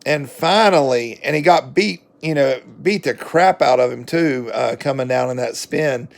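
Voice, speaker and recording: A man's voice: medium pitch, moderate pace, gravelly. A man with a Southern accent giving a rambling, folksy book review vlog, full of fillers and self-corrections. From southern United States.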